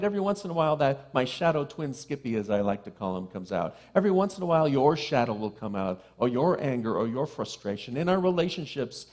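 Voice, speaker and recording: A middle-aged man, a minister, giving a sermon to a live congregation, with playful self-deprecating asides and a soft hush on key phrases. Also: fairly high pitch. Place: church sanctuary with live congregation.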